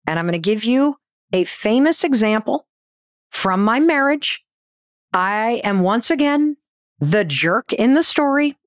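A middle-aged woman giving a motivational talk, emphatic and lively, telling personal stories and repeating her key points. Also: on the low side, dry recording, studio quality. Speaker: speaker giving life advice.

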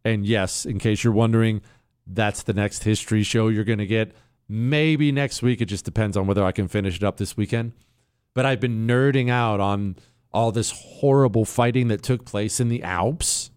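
A man hosting a talk show, giving sarcastic, animated commentary and bantering with his producer. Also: fairly low pitch, moderate pace, clean tone, no echo, clean studio sound. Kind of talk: opinionated radio-style commentary.

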